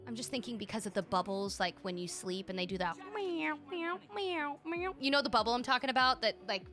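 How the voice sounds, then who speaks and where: A woman streamer commenting excitedly on a game, gushing and thinking aloud as she tours player-made spaces. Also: mid-range voice, fast talker, soft background music.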